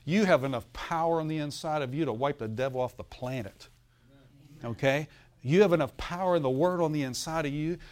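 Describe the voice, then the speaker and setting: A man's voice: on the high side, a little fast. A male pastor preaching a sermon, telling a story and often asking the congregation for an amen, with a laugh now and then.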